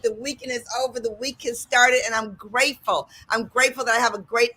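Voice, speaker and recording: A woman's voice: on the high side, fairly even intonation, brisk, hardly any pauses, sharp tone, breathy edge. A woman from the Washington DC area hosting a radio talk show, enthusiastic and bubbly, often repeating her phrases.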